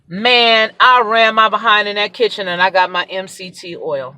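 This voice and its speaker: A woman's voice: medium pitch, expressive, fairly quick, hardly any pauses, bright, forceful tone, rough recording. A middle-aged woman, telling a story as a vlogger, emphatic and exasperated, repeating words for effect. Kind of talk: animated storytelling rant. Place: parked car.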